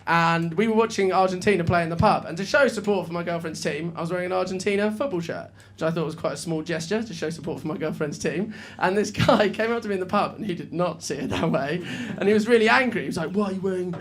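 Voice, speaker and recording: A man's voice: high voice, quick pace, few pauses. A man performing a stand-up comedy set on a club stage, chatty and self-mocking, often laughing and tripping over his words. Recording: live club audio with loud crowd laughter and noise.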